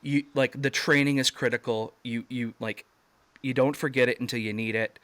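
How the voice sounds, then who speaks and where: A man guest on a video call telling a story in a casual interview, acting out quoted shouts with sudden jumps up in pitch. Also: steady tone, moderate pace, no room sound.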